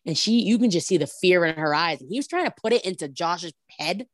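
A woman in casual chat, telling a reality show story in an animated way and acting out what people said. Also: fairly low pitch, fairly quick, no echo, clean studio sound. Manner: animated storytelling, acts out quotes, many "like"s.

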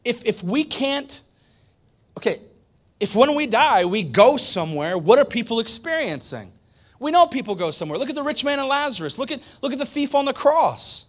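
A male pastor preaching a conversational sermon, repeating points for emphasis. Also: extremely high pitch. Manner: conversational, emphatic repetition, animated.

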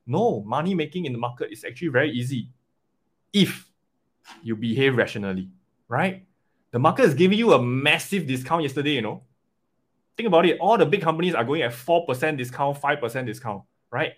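A man coaching an investing webinar live, animated and often checking in with "right?" and "okay?". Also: fairly high pitch, fairly quick.

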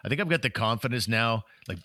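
A man's voice: mid-range voice, expressive, fast, pushed and bright, dry recording, studio quality. A man hosting a sports podcast, chatting casually with upbeat, playful teasing. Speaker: podcast host. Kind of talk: casual chat.

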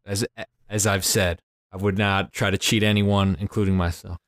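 A man who is a podcaster and movie critic, speaking in a measured, earnest way with frequent "uh" fillers. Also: low-pitched, flat delivery, dry recording, clean studio sound. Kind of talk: casual podcast discussion.

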